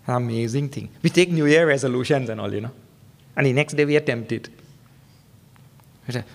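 A man delivers a humorous sermon as a spiritual teacher, speaking at a moderate pace with vocal fry and long pauses. He tells stories and acts out quotes, stressing words emphatically with a rising pitch.

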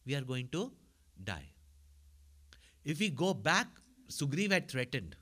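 A man's voice: fairly high pitch, big pitch swings, measured pace, long pauses, fairly bright tone. A man telling a story as a spiritual teacher, in a chatty manner that keeps checking in with his listeners. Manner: conversational, asks listeners for agreement.

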